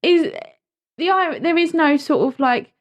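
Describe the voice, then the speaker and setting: A woman's voice: high-pitched, measured pace. A woman co-hosting a podcast, chatting casually, asking rambling questions and giggling often. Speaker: podcast co-host. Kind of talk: casual chat.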